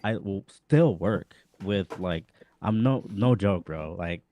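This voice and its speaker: A man, a former Jehovah's Witness, telling animated stories on a casual online panel, saying "bro" and "like" a lot. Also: sits low, takes it slowly, a little hiss or hum.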